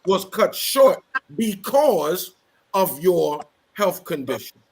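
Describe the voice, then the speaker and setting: A man's voice: high voice, sing-song, slow pace. A man, a bishop on a sports panel, making his case emphatically in a heated casual debate and insisting on finishing his point.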